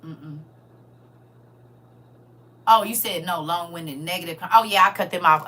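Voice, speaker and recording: Fairly quick and medium-pitched, the middle-aged host chats casually with her live viewers. She comes across as blunt and animated, referring to everyone as "y'all" and "baby."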